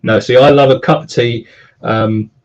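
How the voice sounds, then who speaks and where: A man's voice: medium pitch, steady tone, normal speed, dull audio. A British man co-hosting a casual reptile live stream, joking around and reading out chat messages. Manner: jokey, banter-heavy, reads chat aloud.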